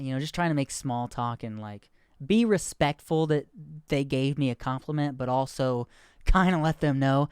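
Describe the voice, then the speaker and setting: A man's voice: medium pitch, normal speed, clean tone, dry recording, clean studio sound. A man in his thirties hosting a podcast, rambling candidly and poking fun at himself in casual chat. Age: 30s. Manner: rambling, candid, self-deprecating. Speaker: podcast host.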